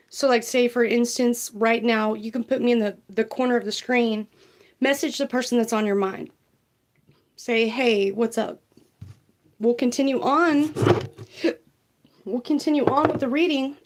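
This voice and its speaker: A woman, doing a casual tarot livestream, chatty and laughing as she reads viewer comments aloud. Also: fairly high pitch.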